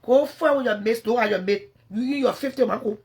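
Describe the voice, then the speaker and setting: On a phone livestream, a woman with a Liberian English accent rants angrily at someone, confrontational and cursing. She talks a little fast with vocal fry, sinking into low mutters before erupting loudly.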